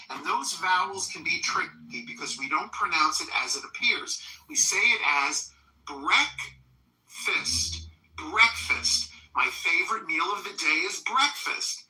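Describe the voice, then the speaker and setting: Woman teaching pronunciation, very slow, bright tone, echoey room. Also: low voice. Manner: slow, deliberate enunciation. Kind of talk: pronunciation lesson.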